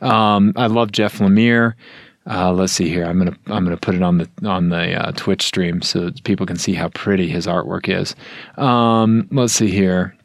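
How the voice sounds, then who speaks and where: A man co-hosting a podcast, chatting casually in a rambling, filler-heavy way with excited asides. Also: low-pitched, normal speed, no echo, clean studio sound. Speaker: podcast co-host. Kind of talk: casual aftershow chat.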